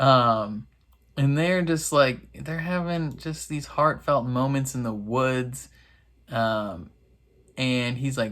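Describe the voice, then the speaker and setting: A man in casual reaction commentary, chatty and wry, laughing often and filling pauses with "um". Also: fairly bright tone. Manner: acts out characters' lines in quick high voices. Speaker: reaction video host.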